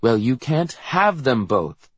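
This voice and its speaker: A man doing a brisk, firm mother. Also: mid-range voice, big pitch swings, slightly rough, no echo, voice pushed up, full character voice.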